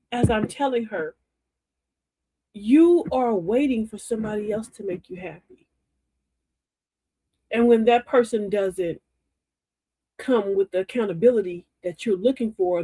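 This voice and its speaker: A woman's voice: medium pitch, a little mellow, slight background noise. An older woman hosting a live stream, giving a folksy, preachy, uplifting talk straight to her chat viewers.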